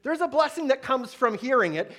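A man with a high voice preaches a sermon. He is middle-aged and tells a homely story, laughing along and putting on little voices for its characters. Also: animated, brisk, fairly bright tone.

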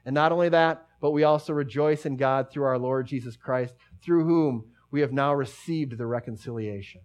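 Middle-aged male pastor, mid-pitched, chatty sermon delivery that wanders and falls quiet to stress a point. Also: normal speed. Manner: conversational, rambling with many restarts, drops to a hush for emphasis.

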